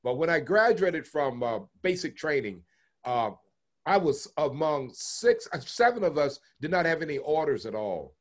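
Older man, from Texas, interview storyteller, slightly high voice, chuckling, acts out voices. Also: very animated, moderate pace. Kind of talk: oral history storytelling.

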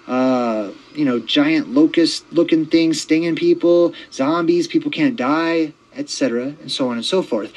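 A man hosting his own podcast, talking in a rambling, excitable casual monologue full of fillers and restarts. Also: on the high side, muffled recording. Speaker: podcast host.

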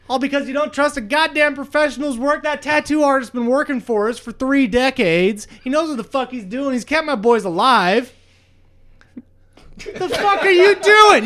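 Brief: bossy, profane wrestling booker, loud and scolding, as a game master puts him on. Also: male voice, sits high. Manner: profane, scolding, barking orders. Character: big, bossy, foul-mouthed male wrestling booker.

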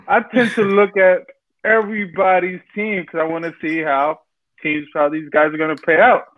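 High-voiced dude telling a wild story, acts out everyone, kinda muffled lo-fi audio. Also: male voice, a little hiss or hum. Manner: excitable, acts out the voices in his stories. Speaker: podcast panelist. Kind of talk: animated storytelling.

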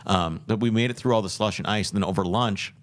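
A podcast host with a lowish voice talks fast while telling a long road trip story in casual chat. He rambles earnestly and keeps restarting his sentences.

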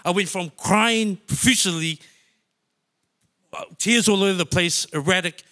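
A man's voice: high-pitched, measured pace, bright, forceful tone. A man from New Zealand telling a personal testimony in church, emotional and heartfelt. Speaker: church member sharing testimony.

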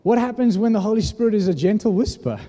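A man's voice: sits high, animated, quick pace, dark tone. A man preaching a sermon in an earnest, conversational way, often restarting his sentences. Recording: long hall reverb.

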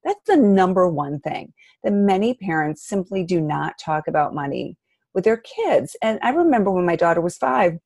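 A woman speaks as an interview guest and gives earnest, practical advice. Her voice sits a little low. The sound is dry and close to the mic. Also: sing-song, moderate pace, vocal fry, darkish tone, no room sound. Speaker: guest, personal finance author. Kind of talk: interview answers.

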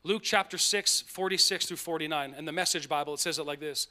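Guy preaching a sermon, lively and emphatic, sometimes jokey, real bright sharp voice. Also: a little high. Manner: animated preaching, playful asides, emphatic slowed phrases. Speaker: pastor.

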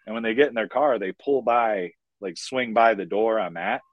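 A man telling wild stories as a podcast guest, profane and animated, acting out the voices of the people in them. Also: on the low side, normal speed, no room sound, dull audio. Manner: profane, animated, acts out quoted dialogue. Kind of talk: casual chat, storytelling.

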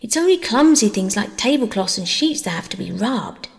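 A woman voicing a thoughtful, grown-up-minded older girl in a storybook reading, earnest in manner, with a gravelly tone and long reverb. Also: mid-range voice, animated, normal speed.

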